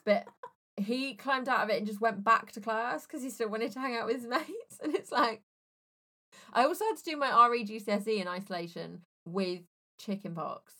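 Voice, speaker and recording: Bright-voiced young woman, blunt. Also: on the high side. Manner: blunt, sweary, quick to laugh. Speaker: podcast co-host. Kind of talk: casual chat.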